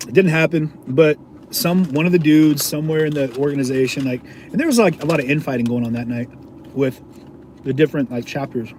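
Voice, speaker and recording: A man's voice: a little high, fairly quick, darkish tone, slight background noise. A man, an independent video journalist, casually telling a story to his viewers in a slangy, laid-back way, chuckling often.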